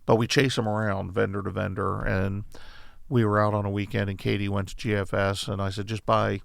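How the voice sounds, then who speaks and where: Gravelly middle-aged male guest. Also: lowish voice, fairly quick, dry recording, clean studio sound. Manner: relaxed, rambling storyteller. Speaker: guest, coffee shop owner. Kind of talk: casual chat.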